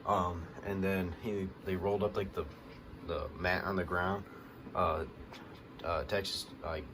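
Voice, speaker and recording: A man hosting a wrestling vlog, recapping a show in a casual, rambling way with lots of fillers, getting excited at the big moments. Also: low-pitched, a little slow, noisy background. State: hiccups.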